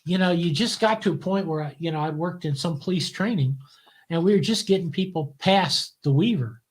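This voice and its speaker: A man's voice: a little high, fairly quick. Older man telling wry anecdotes. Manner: relaxed anecdotal storyteller, wry and cynical, repeats words as he restarts. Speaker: guest. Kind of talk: casual interview storytelling.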